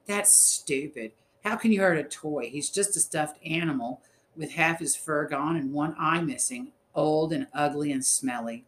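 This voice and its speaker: A man's voice: fairly high pitch, unhurried, fairly bright tone, slight background noise. Elsie, a resentful jealous girl, voiced by a man. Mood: scornful. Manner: scornful, demanding. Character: bossy, resentful young girl, jealous and blunt. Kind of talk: audiobook reading.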